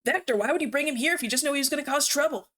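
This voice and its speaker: Brief: cocky teen hedgehog, fast and brash, voiced by a woman. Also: high-pitched, a bit bright, voice pushed up.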